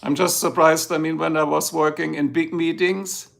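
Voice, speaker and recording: A middle-aged German man with a gravelly, somewhat high voice, hosting a live stream. He speaks English with a clear German accent and rambles loosely, turning again and again to talk straight to his chat. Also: flat delivery, moderate pace, fairly bright tone, slight background noise. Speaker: livestream host. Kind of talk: casual livestream chat.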